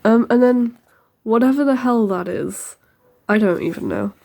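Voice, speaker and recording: A teenage girl chatting casually through a tour of her sketchbook, rambling with lots of ums and quick asides. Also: fairly high pitch, gravelly, darkish tone.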